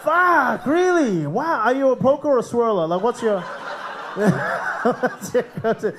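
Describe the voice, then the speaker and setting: A man's voice: extremely high pitch, animated, takes it slowly, a bit bright, slight background noise. An Australian man hosting a live comedy night and doing crude stand-up, swearing and laughing at his own jokes. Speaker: comedy show host and comic. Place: live comedy club stage.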